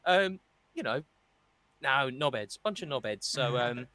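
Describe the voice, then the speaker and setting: A man's voice: medium pitch, animated, a little slow, bright, forceful tone. A man co-hosting a casual football chat show, ranting and mocking with put-on voices. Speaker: podcast co-host.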